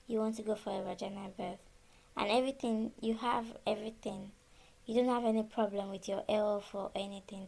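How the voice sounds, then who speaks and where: A woman from Nigeria, probably in her thirties, casually telling a personal story and acting out the conversations she had. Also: a little high. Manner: animated, reenacts conversations with quoted dialogue. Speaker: storyteller sharing her birth experience.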